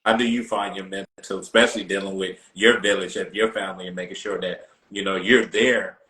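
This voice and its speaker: A man's voice: sits low, steady tone, brisk, sharp tone, echoey room, rough recording. A man hosting a casual interview, asking loose, rambling questions. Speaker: host.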